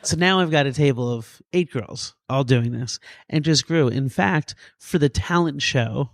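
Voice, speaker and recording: A man in his thirties, a paramedic and emergency physician, telling a story in a podcast interview with goofy, animated energy and acted-out quotes. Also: mid-range voice, measured pace, gravelly, dry recording, studio quality. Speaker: paramedic and EMS physician guest.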